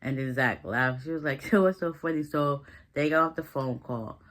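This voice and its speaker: A woman's voice: low voice, moderate pace, fairly bright tone. Chatty woman recapping a TV episode. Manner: chatty, loose, heavy with fillers like "like" and "listen". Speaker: recap vlogger.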